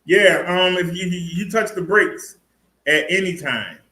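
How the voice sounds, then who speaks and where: A man's voice: high voice, slow pace, pushed and bright, roomy sound, rough recording. A man casually demonstrating an e-bike in a vlog, chatty, laughing and talking to his viewers. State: out of breath. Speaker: fitness and e-bike vlogger.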